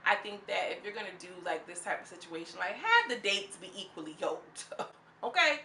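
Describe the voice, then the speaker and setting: A woman reviewing a reality show in a casual vlog, animated and slangy, with plenty of commentary. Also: medium pitch, moderate pace, a little hiss or hum. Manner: animated and slangy, acts out quotes in mocking voices. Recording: echoey room.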